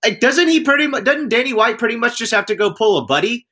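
A man co-hosting a sports podcast, chatting casually and lively and firing off pointed questions. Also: very high voice, fast, husky. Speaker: podcast co-host.

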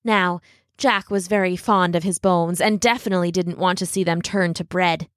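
Expressive woman storybook narrator. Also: fairly low pitch, no room sound, studio quality. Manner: expressive, dramatic slowing at tense moments. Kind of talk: scripted fairy-tale narration.

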